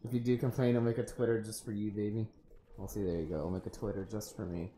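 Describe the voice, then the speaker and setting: A man's voice: lowish voice, fairly even intonation, fairly quick, long pauses, dark tone. A man streaming a fighting game with a friend, bantering and joking sarcastically. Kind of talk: casual gaming chat. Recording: echoey room, faint background noise.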